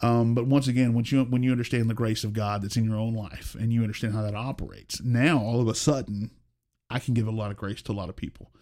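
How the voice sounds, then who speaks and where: A man's voice: mid-range voice, steady tone, fast talker, a little mellow. Earnest storytelling pastor in his forties. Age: 40s. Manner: earnest storytelling, acts out quoted voices. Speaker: senior pastor. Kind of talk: casual interview conversation.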